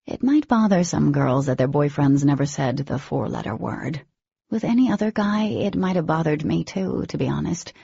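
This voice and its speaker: A woman narrating an audiobook in first person, with an expressive reading and a husky, creaky voice. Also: low-pitched, normal speed, dry recording, highs cut off.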